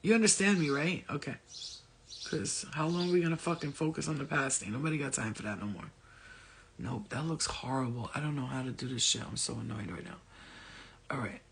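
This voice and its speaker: A man's voice: fairly high pitch, a little fast, gravelly, a bit bright, a little hiss or hum. A man giving a casual motivational rant to his viewers, with a blunt, profane, rambling manner. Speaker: spiritual vlogger.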